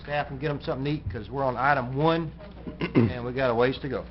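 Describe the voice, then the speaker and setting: A man chairing a county commission meeting who runs the votes in a plainspoken, folksy and brisk way. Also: mid-range voice. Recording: muffled recording with faint noise.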